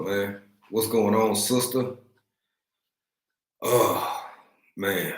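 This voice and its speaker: A man's voice: lowish voice, fairly even intonation, unhurried, roomy sound, rough recording. A man from East Texas with a Texan accent, hosting a casual livestream chat, laid-back and slangy, greeting viewers by name. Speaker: livestream host. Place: room at home, in Africa.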